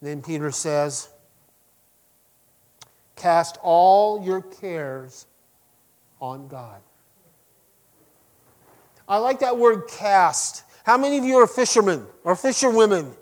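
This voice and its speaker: A middle-aged man preaching to his congregation, swinging between loud emphasis and quiet lines and asking them direct questions. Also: high voice, sing-song, unhurried, pauses often. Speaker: pastor. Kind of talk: sermon.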